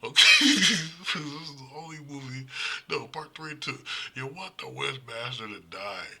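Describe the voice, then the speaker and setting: A man's voice: medium pitch, moderate pace, creaky, very noisy. A man casually reviewing horror movies in a blunt, profane, rambling way, often restarting his sentences.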